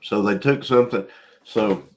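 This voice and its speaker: A man's voice: lowish voice, moderate pace, darkish tone, a little hiss or hum. A man joining a casual livestream chat as a guest, laid-back, laughing often and drawing out words.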